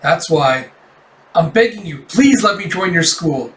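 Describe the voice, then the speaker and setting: A man's voice: on the high side, moderate pace, a bit bright, echoey room, close to an everyday voice, poor audio. A man voicing a determined teenage girl who earnestly pleads to become an apprentice.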